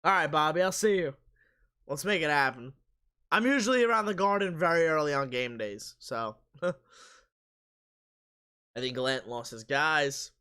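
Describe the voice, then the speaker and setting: A man hosting a live sports stream, casually reading viewer comments aloud and answering them while his voice is going hoarse. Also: fairly high pitch, animated, moderate pace, pauses often, bright, forceful tone.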